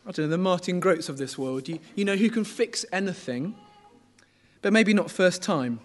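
A man's voice: high-pitched, lively intonation, normal speed, a little hiss or hum. A middle-aged man preaching a sermon in a conversational way, often asking the congregation questions.

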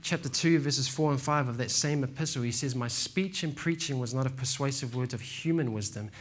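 A man preaching a sermon in a relaxed, slangy way, telling stories and calling listeners "man" and "bro". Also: mid-range voice, fairly quick. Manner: laid-back, slangy, says "man" and "bro". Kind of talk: casual sermon with storytelling.

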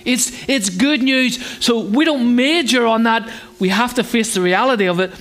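A man's voice: normal speed, a bit bright. A man preaching a conversational sermon with humour, asking his congregation rhetorical questions and acting out children's voices. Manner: acts out children's voices in a higher pitch. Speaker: pastor.

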